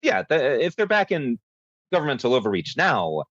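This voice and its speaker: A man's voice: medium pitch, huge pitch swings, moderate pace, a bit bright, no room sound, dull audio. A man co-hosting a casual political podcast, sardonic, with mock-formal asides. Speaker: podcast co-host.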